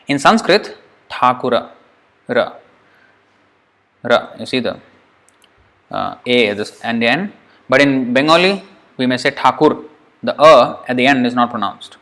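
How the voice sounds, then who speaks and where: A man teaching Sanskrit pronunciation in a relaxed lesson. He repeats each sound several times and thinks aloud. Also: mid-range voice. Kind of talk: informal lesson drilling sounds.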